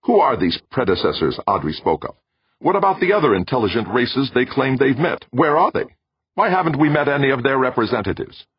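A man voicing a lanky, alarmist male diplomat who talks in a shrill, insistent, accusing way. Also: big pitch swings, fairly quick, breathy edge. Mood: alarmed, insistent. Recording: dull lo-fi, dry.

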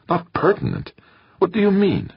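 A man voicing an indignant, excitable scientist. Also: low-pitched, measured pace, creaky, breathy edge, muffled recording, voice pushed up, heavily acted. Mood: shocked. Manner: rising, indignant outbursts. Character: excitable male scientist, quick to anger.

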